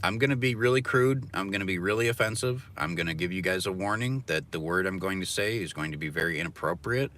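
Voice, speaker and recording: A low-pitched man rambles and swears through a casual livestream rant from his car. His voice swings widely in pitch and has a bright, forceful edge. A faint hum of background noise sits behind him. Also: animated, fast, hardly any pauses. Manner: profane, rambling, philosophizing. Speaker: livestreaming delivery driver.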